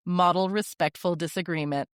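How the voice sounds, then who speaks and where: A woman hosting a parenting podcast, giving advice in a calm, firm, direct manner with short, deliberate sentences. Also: lowish voice, clear, resonant tone, dry recording, studio quality. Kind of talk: scripted advice monologue.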